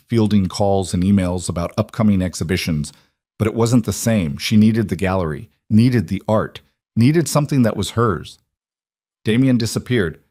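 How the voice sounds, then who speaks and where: A man reading a romance audiobook in a measured, even storytelling manner. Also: lowish voice, no room sound, clean studio sound. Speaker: narrator. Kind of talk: scripted audiobook narration.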